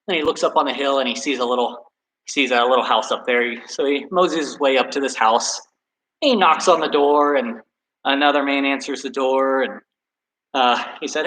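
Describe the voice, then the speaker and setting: A man's voice: mid-range voice, brisk, fairly bright tone, a little hiss or hum, poor audio. A man coaching a workout and telling a story, friendly and self-deprecating in a casual chatty way. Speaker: soccer coach.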